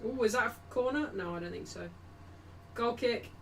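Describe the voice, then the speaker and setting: A woman hosting a live football watchalong, chatting and reacting as the match goes on. Her voice is bright and a bit high. She sits some distance from the mic, and there is faint noise behind her. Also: moderate pace. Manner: chatty, shouts greetings to chat. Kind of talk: casual live commentary.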